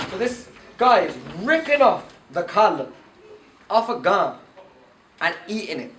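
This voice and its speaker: A man tells stories and fires questions at a room of teenagers. His voice sits fairly high. He is picked up from far off in an echoing hall with a faint hiss behind him. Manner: animated storyteller, quizzes the audience. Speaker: camp speaker. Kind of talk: lecture to teenagers at a youth camp. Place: indoor camp hall. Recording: echoey room, far from the mic, faint noise.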